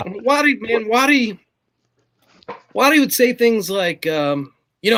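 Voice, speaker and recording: A man's voice: sits high, animated, a little slow, a bit bright. Rambling, profane man telling road stories. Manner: profane, rambling, full of "like" and "you know". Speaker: drummer guest. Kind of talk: casual storytelling chat.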